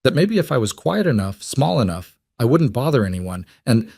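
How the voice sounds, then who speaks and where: A man's voice: mid-range voice, sing-song, vocal fry, darkish tone, husky, no room sound, clean studio sound, pitched above the performer's own voice, full character voice. Tearful young single mother, as a man voices her. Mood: despairing. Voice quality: breathless, tearful, halting. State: crying.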